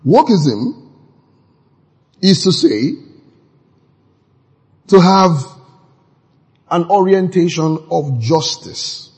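A man preaching a sermon in an animated way, now and then shouting out quoted lines. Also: a little high, extremely slow, pauses often, breathy edge. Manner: animated, acts out quoted voices with sudden shouts. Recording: long hall reverb.

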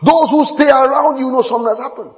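A man preaching a sermon as pastor, animated, laughing often and repeating phrases. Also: extremely high pitch, fast talker. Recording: long echoey hall reverb.

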